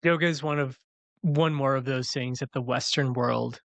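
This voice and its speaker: A man's voice: medium pitch, steady tone, moderate pace, vocal fry, fairly bright tone, dry recording. A man co-hosting a podcast who teaches yoga, explaining his views in an opinionated, casual way. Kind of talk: casual chat.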